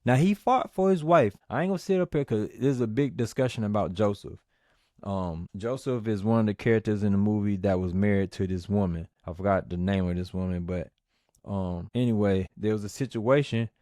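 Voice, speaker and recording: A man giving a casual movie review, telling the story in a lively, slangy, profane way. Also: lowish voice, brisk, dry recording, studio quality.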